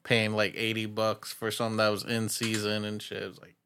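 A man's voice: fairly low pitch, completely flat delivery, fairly quick, a bit bright, slight background noise. A man in casual chat, joking and laughing along, with slang and casual swearing.

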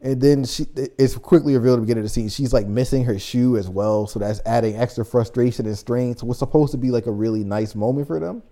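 Young male podcast co-host, mid-pitched, chatty and animated, recaps stories with a filler-heavy casual delivery. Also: fast, hardly any pauses. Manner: animated storyteller, many "like" fillers. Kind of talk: casual chat, recapping a play.

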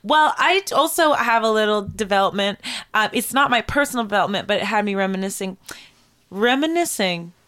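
A woman's voice: mid-range voice, fast, smooth. A woman in her thirties, a podcast co-host, chatting casually and acting out an anecdote with quoted voices. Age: 30s. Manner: animated storyteller, acts out quoted voices. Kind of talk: casual chat.

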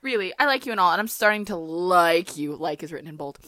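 A woman's voice: lowish voice, animated, quick pace, a bit bright. A young woman co-hosting a podcast, reading her own teenage fan fiction aloud and breaking off for wry, self-mocking asides. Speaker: podcast co-host.

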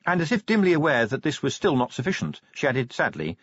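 A man's voice: mid-range voice, expressive, fairly quick, hardly any pauses, a bit bright, breathy edge, no echo, highs cut off. A man narrating a comic audiobook with wry, dry timing.

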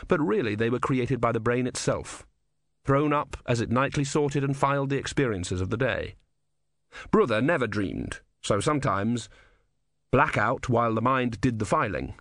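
A male audiobook narrator with a mid-pitched voice and a lively, varied delivery. He tells the story in a wry, measured way, recorded dry and close with no room sound. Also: no room sound. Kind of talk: scripted narration.

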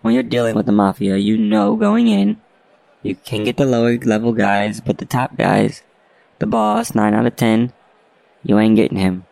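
A gruff, worn-out police chief who lectures bluntly and cynically, voiced by a man reading a storybook. His voice is low and gravelly, recorded dry and close. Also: lively intonation, moderate pace, a little mellow, no room sound, poor audio.

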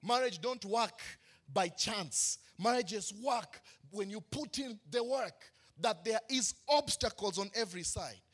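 High, bright-voiced preaching pastor. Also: male voice, lively intonation, measured pace. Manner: preaching with rising emphatic questions and call-and-response. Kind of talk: sermon.

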